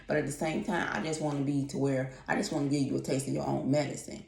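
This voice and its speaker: Vlogger, woman, low gravelly voice, exasperated profane rambling rant, echoey room. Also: flat delivery, fast, a little mellow. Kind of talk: casual ranting vlog. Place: apartment at home.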